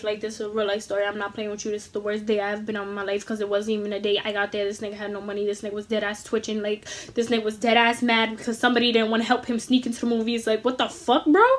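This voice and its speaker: A woman vlogger tells a story straight to the camera in loose, slangy talk full of swearing. Her voice sits high and has a bright, sharp edge that carries her animated delivery. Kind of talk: casual storytime vlog.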